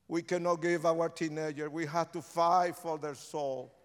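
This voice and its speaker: A man's voice: fairly high pitch, fairly even intonation, measured pace, a little hiss or hum. Impassioned preacher man, echoing hall. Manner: impassioned, swinging from shouts to hushed pleas. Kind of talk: sermon with altar call. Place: large church with a balcony. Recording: long reverb of a large hall.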